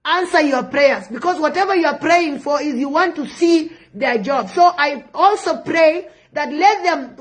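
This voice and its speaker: Impassioned high-voiced South Sudanese woman. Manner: impassioned, repeating phrases for emphasis. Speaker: online commentator. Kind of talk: political commentary monologue.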